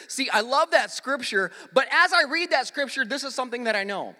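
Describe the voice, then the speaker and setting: Bright-voiced energetic male pastor in a hall. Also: very high-pitched, a little fast, few pauses. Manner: energetic storytelling with call-and-response. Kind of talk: sermon. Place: church sanctuary. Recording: echoey church hall.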